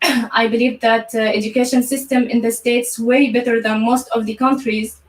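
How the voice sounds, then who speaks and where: A woman from Syria, a university graduate, speaking in a halting way with many restarts in a live online interview. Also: a little high, flat delivery, reverberant, far from the mic, rough recording. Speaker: graduate guest.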